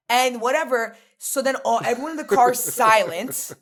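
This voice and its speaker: A woman's voice: on the high side, normal speed, few pauses. Blunt New woman telling stories. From New York. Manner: animated storytelling, blunt and frank. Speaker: podcast guest. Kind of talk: casual conversation.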